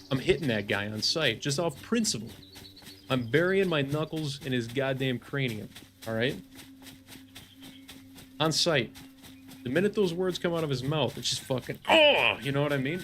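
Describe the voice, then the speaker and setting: Gravelly-voiced streamer guy in his 30s, rants and swears, bit of hiss in the background. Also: mid-range voice, animated, moderate pace, fairly bright tone. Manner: rambling, profane, mock-ranting. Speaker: game streamer. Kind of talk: casual live-stream chat.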